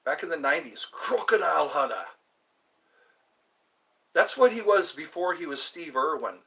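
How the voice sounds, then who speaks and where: Bright-voiced rambling man vlogger. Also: on the high side, sing-song, moderate pace, creaky. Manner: meandering, chatty, puts on playful voices. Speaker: channel host. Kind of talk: rambling casual vlog chat.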